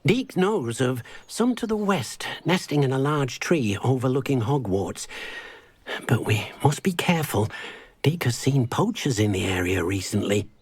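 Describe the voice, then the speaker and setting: A man's voice: mid-range voice, very animated, a little slow, breathy edge, full character voice. An actor playing a kindly male house elf in a video game, who talks about himself in the third person. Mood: earnest.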